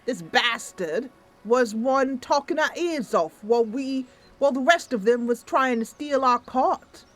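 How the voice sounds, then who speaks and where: A woman's voice: sits high, animated, unhurried, pitched above the performer's own voice. A woman voicing a sardonic male gnome expedition leader who grumbles his remarks.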